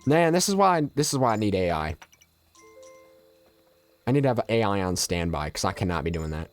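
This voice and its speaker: With faint music behind him, a man with a fairly low, sing-song voice at a moderate pace plays a game on stream. Nasal and congested from allergies, he jokes loosely and answers his viewers' questions in casual chat.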